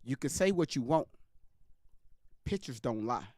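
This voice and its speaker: A man's voice: mid-range voice, expressive, unhurried, a little mellow, dry recording, clean studio sound. A man hosting a live stream, commenting on a clip with emphatic, repetitive direct address to his viewers.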